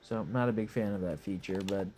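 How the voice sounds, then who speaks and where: Lying in bed, a young gaming commentator rambles through live commentary in a laid-back way, hoarse and stuffy-nosed, swearing casually. His voice sits on the low side with a darkish tone, he talks fast, and there's slight background noise.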